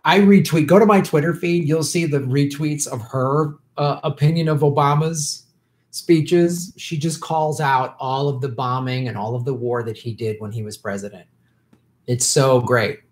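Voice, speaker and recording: A man's voice: a little high, moderate pace, darkish tone. Opinionated man hosting a live stream. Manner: opinionated, heated, with many restarts. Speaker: livestream host answering viewer questions. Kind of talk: casual live-stream chat.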